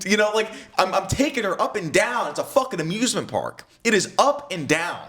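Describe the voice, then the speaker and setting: A young man tells a story to the camera in a loose, chatty way and acts out both sides of a conversation. His pitch swings widely. His voice is bright and forward, and he works as a dating coach. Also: big pitch swings, normal speed, hardly any pauses.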